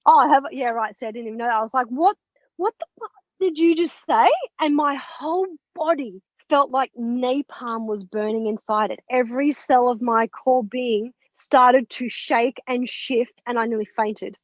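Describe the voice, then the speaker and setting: A woman's voice: a little high, fairly even intonation, moderate pace, hardly any pauses, no echo, highs cut off. A woman in her thirties, a podcast guest, telling a personal story with feeling and swearing freely as she voices her past thoughts.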